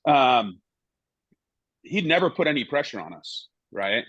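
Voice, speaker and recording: Very animated yet measured in pace, this middle-aged man's mid-range voice sounds a bit bright as he spins casual anecdotes on a podcast. Once a goalkeeper, he rambles and repeatedly adds "you know" and "right?". The muffled recording has no room sound.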